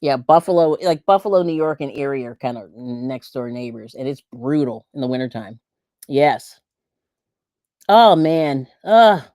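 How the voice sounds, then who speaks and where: A middle-aged woman from Pennsylvania hosts a livestream, chatting casually and laughing often while reading viewer comments. Her bass voice is expressive and darkish, at a moderate pace, in a dry, clean studio recording.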